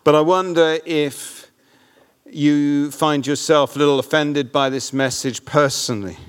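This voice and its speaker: A man's voice: on the high side, steady tone, measured pace, clear, resonant tone. A man preaching a sermon to a church congregation, mixing funny self-deprecating family stories with his message. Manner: humorous, self-deprecating storytelling. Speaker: pastor. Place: church hall with audience.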